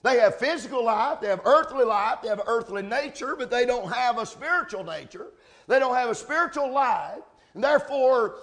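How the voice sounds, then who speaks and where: A man preaching a sermon, building from steady teaching to shouted emphasis, spelling out key words. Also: very high voice, moderate pace. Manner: rising to shouts, spelling out words, answering amen. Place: church service.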